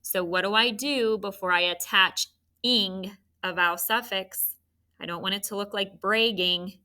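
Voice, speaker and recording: A woman's voice: mid-range voice, fairly even intonation, moderate pace, sharp tone. A woman teaching a children's phonics lesson, spelling out letters and encouraging the students.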